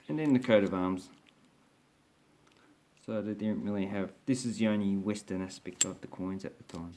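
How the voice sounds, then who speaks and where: Low-voiced coin collector thinking aloud. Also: male voice, moderate pace, pauses often, darkish tone, a little hiss or hum. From Australia. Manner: thinks aloud while grading coins. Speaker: coin collecting video host. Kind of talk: casual coin review narration.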